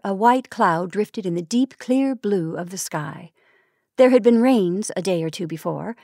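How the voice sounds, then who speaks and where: A woman from the San Francisco Bay Area reading vintage short stories aloud in a measured storytelling manner, lightly voicing the dialogue. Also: mid-range voice, darkish tone, no room sound, studio quality. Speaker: narrator.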